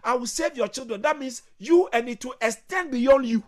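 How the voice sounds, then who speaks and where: A male pastor preaching with fervour, shouting exclamations, calling for responses and breaking into tongues. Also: extremely high pitch, moderate pace, hardly any pauses. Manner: speaks in tongues between phrases.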